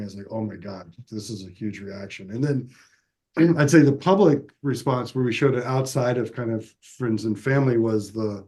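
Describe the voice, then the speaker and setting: A filmmaker being interviewed, telling stories in a casual, animated way with frequent restarts. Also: male voice, mid-range voice. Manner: animated storyteller, restarts often, acts out quotes. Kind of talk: casual interview over video call.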